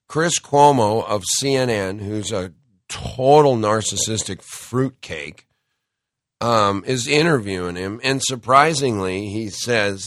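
A middle-aged man hosting a talk show monologue, talking slowly and heavily with an indignant, emphatic edge. He has a cold and keeps clearing his throat. The recording is dry and close. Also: lowish voice, a bit bright, no room sound. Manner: indignant, emphatic, addresses listeners as folks. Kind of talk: opinionated monologue.

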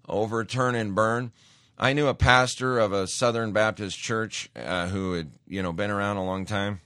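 Low-voiced man giving a dry faith talk. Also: normal speed, no room sound. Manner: animated storytelling with emphatic bursts. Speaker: radio host.

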